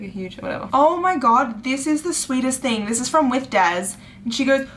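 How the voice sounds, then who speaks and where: A woman book vlogger unboxing packages in a casual vlog, gushing and squealing with excitement. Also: on the high side, slight background noise.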